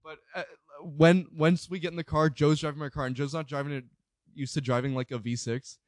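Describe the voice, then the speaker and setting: A young man telling a story in casual chat, rambling, swearing freely and filling every pause with "like". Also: a little high, little pitch movement, no room sound. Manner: rambling, swears a lot, fills with "like".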